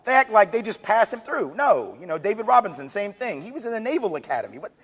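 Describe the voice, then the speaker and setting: A man giving an energetic public lecture with joking asides. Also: sits high, fast talker, husky. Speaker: speaker on diversity. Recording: long hall reverb.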